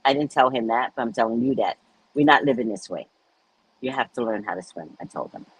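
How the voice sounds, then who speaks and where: A woman's voice: lively intonation, brisk, husky, no echo, poor audio. A woman host telling stories in a casual chat, blunt and profane, laughing often and acting out the dialogue. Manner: acts out dialogue with big pitch swings. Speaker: podcast host.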